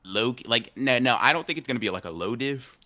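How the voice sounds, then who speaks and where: A man's voice: medium pitch, animated, fast talker, bright, forceful tone. A man co-hosting a casual anime podcast stream, rambling, slangy and repeating himself as he argues his take. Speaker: podcast co-host.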